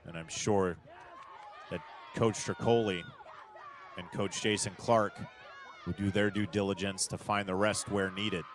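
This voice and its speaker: Low-voiced man calling soccer outdoors. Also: measured pace, long pauses, a faint crowd, slight background noise. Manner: steady play-by-play, rises sharply on big chances. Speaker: play-by-play commentator. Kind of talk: live soccer commentary.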